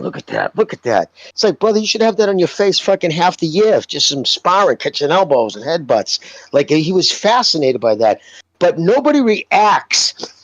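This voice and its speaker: A man talks boxing in a blunt, profane, animated way, his fairly high voice swinging up and down. He sounds like a co-host calling in. The sound is dry and muffled, like a lo-fi mic in a dead room. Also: no room sound. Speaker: podcast co-host, former fighter. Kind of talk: casual podcast chat.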